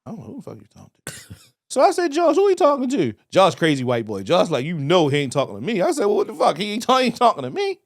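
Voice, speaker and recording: A man with a Baltimore accent tells a story on a podcast, cursing freely and slipping into other people's voices. His pitch swings widely and sits a little high. The sound is close and dry. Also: quick pace, dry recording. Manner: animated, profane, acts out voices in anecdotes. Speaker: podcast co-host. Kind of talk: casual storytelling.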